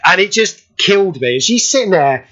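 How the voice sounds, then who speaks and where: A British man hosting a radio show in casual chat, excitable and quick to burst out laughing. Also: high-pitched. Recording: dull lo-fi radio audio.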